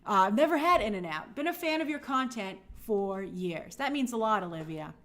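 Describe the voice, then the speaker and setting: A woman's voice: medium pitch, animated, moderate pace, fairly bright tone. A woman hosting a live stream, chatting casually and greeting viewers by name in an upbeat, friendly way.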